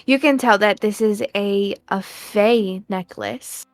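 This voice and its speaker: A woman's voice: mid-range voice, slow, no echo. A woman running a tabletop game as game master, talking hesitantly with many fillers and restarts.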